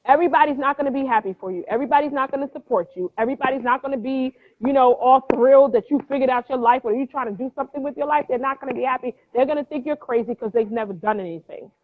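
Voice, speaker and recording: Brief: high-voiced woman, animated guest storyteller, tinny phone-line audio. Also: rapid-fire, hardly any pauses. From New Jersey. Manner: lively, acts out quoted voices, motivational. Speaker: guest, clothing brand founder.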